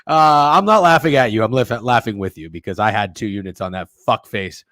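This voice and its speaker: A sports betting stream host chats casually with viewers and co-hosts, reading chat messages in a rambling, profane, joking way with sudden loud outbursts. He has a sore throat and coughs, speaking close to a studio microphone in a low, slightly fast voice with hardly any pauses and no echo.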